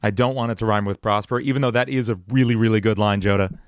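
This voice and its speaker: A man's voice: fairly low pitch, steady tone, fast talker, clear, resonant tone, no echo, clean studio sound. A male songwriter chatting casually on a livestream, thinking aloud and correcting himself as he goes. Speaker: songwriter and streamer.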